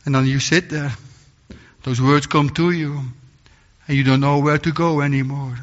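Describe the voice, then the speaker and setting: A man preaching a sermon in earnest, halting English, often restarting and repeating words. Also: a little high, fairly even intonation. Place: church. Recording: long church reverb, dull lo-fi sound.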